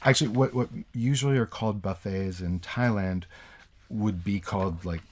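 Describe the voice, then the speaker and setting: A middle-aged man from the United States in a casual educational chat, explaining English usage in a relaxed, halting way with many fillers and restarts. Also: lowish voice. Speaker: co-host, English teacher.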